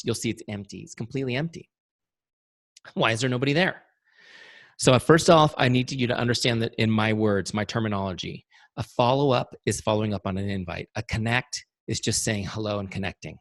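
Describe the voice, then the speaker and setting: A man with a fairly low voice runs a motivational webinar, driving his points home and repeating them for emphasis. The sound is dry and close, with no room around it. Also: fairly bright tone, dry recording. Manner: emphatic, repeats key phrases, addresses audience as "you guys". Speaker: founder teaching a sales training.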